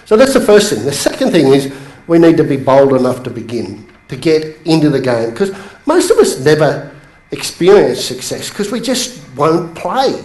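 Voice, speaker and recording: A man coaching a seated audience in a motivational bootcamp talk, telling stories with sudden rises in pitch for emphasis. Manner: animated storytelling, pitch jumps up for emphasis. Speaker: business coach. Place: training room with a live audience. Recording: echoey room.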